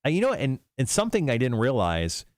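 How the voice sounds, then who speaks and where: A man's voice: mid-range voice, huge pitch swings, brisk, dry recording, studio quality. A man co-hosting a morning radio show, chatting loosely with many fillers and then reading entertainment news. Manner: rambling, filler-heavy, restarts. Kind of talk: casual radio banter and news read.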